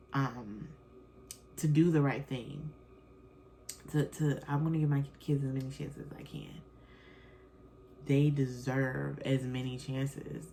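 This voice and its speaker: A woman's voice: low-pitched, warm tone, a little hiss or hum. A woman hosting her own podcast, a mother talking candidly and rambling a bit, with fillers and self-corrections. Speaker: podcast host; mother of children. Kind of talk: casual solo podcast chat.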